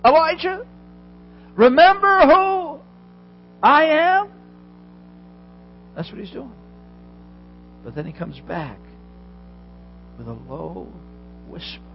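A man's voice: mid-range voice, lo-fi sound, slight background noise. A male pastor preaching a sermon, retelling a story vividly and speaking straight to his listeners.

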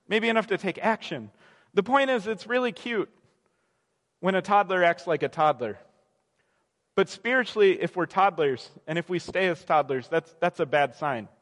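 A man's voice: high voice, a bit bright, big-room sound. A young man preaching a sermon in a casual, conversational way, often restarting phrases and acting out quoted voices. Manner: conversational, self-correcting, acts out quoted voices. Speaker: pastor.

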